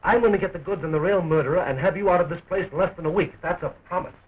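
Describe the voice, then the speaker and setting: A man's voice: sits high, very fast, breathy edge. An actor playing a joking young man who fights to free his sweetheart, in early talkie film style, with a dull, scratchy 1920s film sound.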